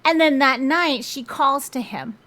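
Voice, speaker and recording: A young woman with a slightly high voice recaps a story in an easy, rambling vlog manner. She chains one clause to the next with "and" and "like," as if talking to friends. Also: unhurried, fairly bright tone. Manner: chatty, strings clauses with "and" and "like". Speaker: book reviewer. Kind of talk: casual plot retelling.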